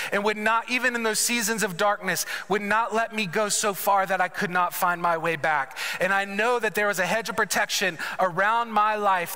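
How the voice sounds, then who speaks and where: High, bright-voiced man preaching in a hall. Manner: conversational, storytelling with humorous asides. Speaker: conference speaker. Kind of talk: sermon with personal testimony. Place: large church sanctuary. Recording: reverberant church hall.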